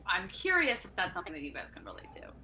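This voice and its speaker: A woman comedian talking casually, rambling and cutting herself off with quick laughs. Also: lowish voice, wildly swooping pitch, sharp tone, a little hiss or hum. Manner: rambling, self-interrupting, laughing asides. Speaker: comedian guest. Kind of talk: casual podcast chat.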